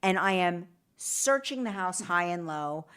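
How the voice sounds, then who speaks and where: A woman in her fifties hosting a talk show, telling animated stories and swearing freely. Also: fairly low pitch, measured pace, smooth. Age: 50s. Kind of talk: casual chat.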